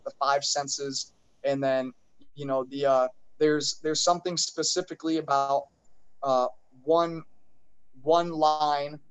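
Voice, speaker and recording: A man's voice: on the high side, rough recording. A man taking part as a guest in a casual talk show, thinking aloud with many fillers. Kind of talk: casual chat.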